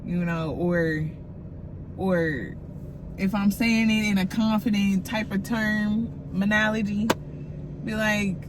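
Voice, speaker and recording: A woman's voice: mid-range voice, steady tone, slow, background noise. A woman hosting a solo podcast, telling stories in loose slang and laughing often. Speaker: podcast host. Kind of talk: casual solo podcast talk.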